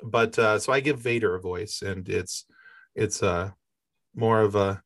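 A man interviewing a guest, telling a rambling story in a relaxed way. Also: lowish voice, measured pace. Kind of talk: casual interview chat.

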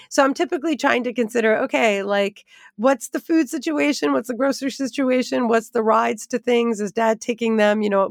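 A woman Bible teacher telling a lively personal story as she leads into a devotional lesson. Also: medium pitch, no room sound, clean studio sound. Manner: animated, expressive storytelling with asides.

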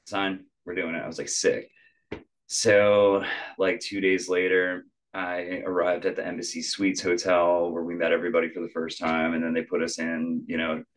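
Young guy w a really low voice, chatty musician guest on a podcast, acts out what people said. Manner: animated, acts out quotes, many "like" fillers. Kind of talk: casual storytelling chat.

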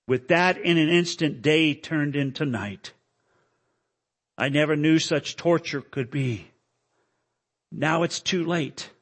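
A male preacher delivering a dramatic sermon at a church service, with emotional, pleading lines that climb high. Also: expressive, slow, long pauses, a bit bright, breathy edge. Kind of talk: dramatic sermon with recited poem.

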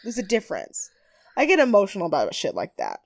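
A woman co-hosting a podcast in casual recap chat, animated and often laughing, with a mild stutter. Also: medium pitch, quick pace. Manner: animated, laughing, mimics people in quoted voices. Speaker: podcast co-host.

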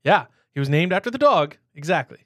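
A man co-hosting a podcast in easy, playful chat, his voice sitting a bit high and moving freely. He laughs often and trails off mid-thought. The sound is dry and close. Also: very animated, brisk, fairly bright tone, dry recording. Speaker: podcast co-host. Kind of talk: casual chat.

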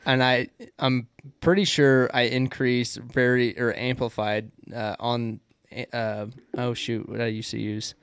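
A man's voice: mid-range voice, level tone, a little slow, a bit bright, clear, resonant tone, no room sound, clean studio sound. A man from the American Midwest co-hosting a podcast, rambling in casual chat with lots of fillers and laughs. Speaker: podcast co-host.

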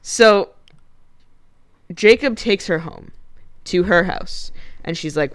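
A woman's voice: fairly low pitch, takes it slowly, pauses often, dry recording, studio quality. A woman co-hosting a casual podcast, retelling a movie plot and acting out the characters' lines with frequent laughs. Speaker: podcast co-host.

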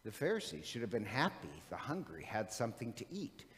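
Man, preacher, conversational sermon, humorous storytelling, middle pitch, long church reverb. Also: sing-song, brisk, fairly bright tone.

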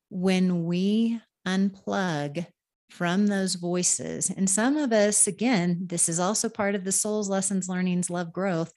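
Woman, low-pitched, earnest, reflective, spiritual guest, acts out voices. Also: darkish tone. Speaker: guest intuitive and medium. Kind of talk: spiritual advice conversation.

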